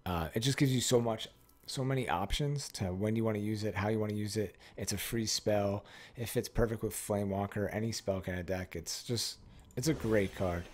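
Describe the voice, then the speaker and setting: A man with a fairly low voice talks casually through a card pack opening. He rambles, corrects himself mid-thought and swears freely. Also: a little mellow.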